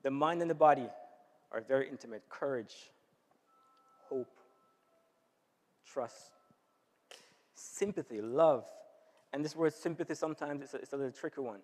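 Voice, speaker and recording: A man's voice: mid-range voice, normal speed, pauses often, a little mellow. A man giving an informal health talk to a church audience, often checking in with them by asking "right?". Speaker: health seminar speaker. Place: church hall. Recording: long hall reverb.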